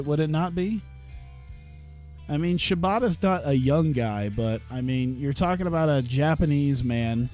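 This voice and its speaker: A man's voice: medium pitch, a little mellow. A young man streaming a wrestling management game, commentating casually with lots of swearing and laughter. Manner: profane, laughing, rambling commentary. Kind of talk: casual let's-play commentary.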